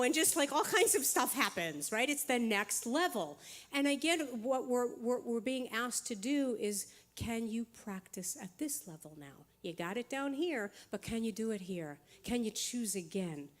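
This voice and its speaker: Animated woman speaker, slightly high voice. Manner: animated storytelling, laughs often, self-mocking; rapid bursts with frequent "right?" asides. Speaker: motivational speaker. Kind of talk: inspirational talk to a live audience. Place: spiritual center hall.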